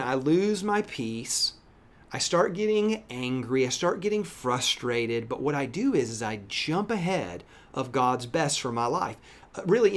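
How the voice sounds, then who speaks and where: A middle-aged pastor giving a devotional teaching, reading scripture and preaching in an emphatic, lively way. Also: male voice, on the high side.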